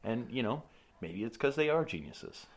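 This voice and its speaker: A man's voice: medium pitch, sing-song, moderate pace. A man co-hosting an improv comedy podcast in a dry, easygoing way, with a sore throat. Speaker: podcast co-host.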